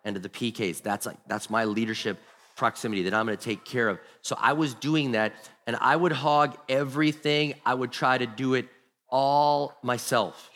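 A male pastor preaches with a bright, forceful voice, earnest and emphatic, stacking repeated phrases as he tells a story. His voice rings out with a long reverb, as in a large church hall. He sits at an ordinary middle pitch. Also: fairly even intonation, moderate pace. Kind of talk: sermon to church leaders.

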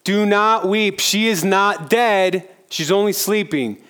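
A gentle, compassionate healer who gives short, firm commands, voiced by a man during a sermon. The delivery is slow and reassuring, a little raised above the preacher's own voice. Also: sits high, clear, resonant tone, voice pushed up.

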